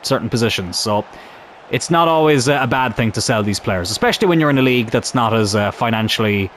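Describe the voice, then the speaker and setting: A young man commentating on his own football video game in a chatty, animated way, swearing mildly as he plays. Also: medium pitch, fast talker, a little hiss or hum. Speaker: gaming YouTuber.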